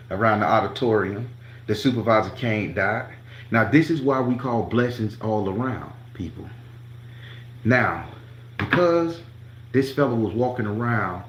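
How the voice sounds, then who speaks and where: A man's voice: fairly low pitch, reverberant, lo-fi sound. Profane man telling a heated story. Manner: emphatic, profane, acts out every quote. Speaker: tarot reader and channel host.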